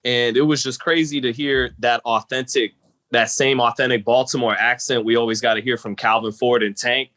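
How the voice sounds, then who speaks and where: A man's voice: mid-range voice, steady tone, normal speed, fairly bright tone. A man co-hosting a podcast, chiming in with an easygoing aside. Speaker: podcast co-host. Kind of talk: casual chat.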